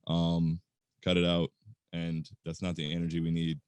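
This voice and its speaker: Exasperated low-voiced man ranting, dry sound. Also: monotone, normal speed, clear, resonant tone, dry recording. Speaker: podcast co-host. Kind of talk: casual sports chat.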